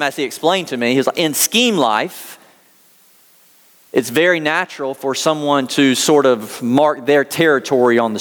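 American pastor preaching in a big hall. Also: male voice, mid-range voice, fairly bright tone. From United States. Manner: earnest storytelling, reads scripture aloud. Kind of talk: sermon.

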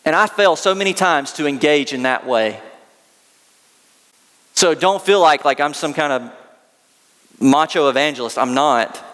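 Earnest preacher with a slightly high voice. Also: male voice, a bit bright, long reverb tail. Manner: earnest storytelling preacher, conversational asides. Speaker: pastor. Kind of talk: sermon.

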